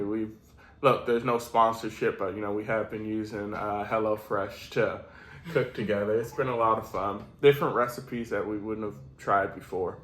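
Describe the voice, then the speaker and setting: A man's voice: lowish voice, fairly bright tone, roomy sound, a little hiss or hum, rough recording. A man co-hosting a casual chat, talking in an easygoing, rambling way. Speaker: co-host.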